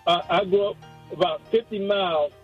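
A man's voice: high-pitched, moderate pace, slightly rough, lo-fi sound, faint music behind. Earnest older man calling in. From Georgia. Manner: earnest, rambling with restarts. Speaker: caller. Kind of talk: call-in radio talk.

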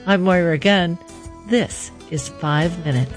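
A woman hosting a radio interview, asking questions in a measured, conversational way. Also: on the low side, faint music behind. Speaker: radio show host. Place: radio studio.

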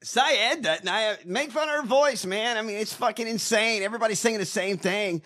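Bright-voiced profane ranting man. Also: sits high, moderate pace, few pauses. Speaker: podcast co-host. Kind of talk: casual political chat.

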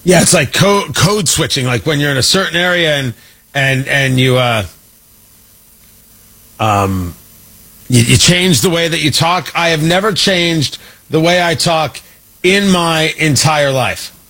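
Male talk-radio host, bright and lively, slightly husky, mocking and opinionated. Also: on the high side, a little slow. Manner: sarcastic and mocking, with frequent restarts. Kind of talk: opinionated talk show monologue.

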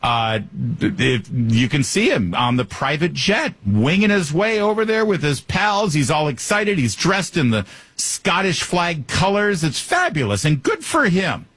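Animated, husky-voiced male radio host. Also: on the high side, unhurried, dry recording. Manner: sarcastic, joking, animated. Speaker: radio talk show host. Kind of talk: opinionated radio monologue.

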